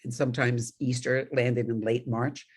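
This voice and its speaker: A woman's voice: extremely low pitch, little pitch movement, moderate pace, slightly rough. A middle-aged woman minister from New York giving a conversational sermon, telling stories with laughing asides. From New York, USA.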